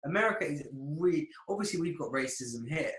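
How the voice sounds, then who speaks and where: A man talks heatedly in a loose podcast chat, swearing freely and tripping over his own restarts. His voice sits somewhat high for a man. The room around him gives off a noticeable echo. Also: expressive, fairly quick, a bit bright. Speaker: podcast co-host. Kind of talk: casual chat. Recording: echoey room.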